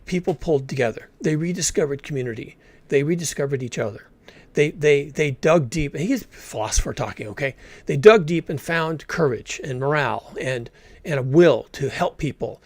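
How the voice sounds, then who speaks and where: A man's voice: on the high side, animated, moderate pace, dry recording. A man commentating on a recorded talk in a blunt, emphatic way, swearing freely. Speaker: reaction video commentator.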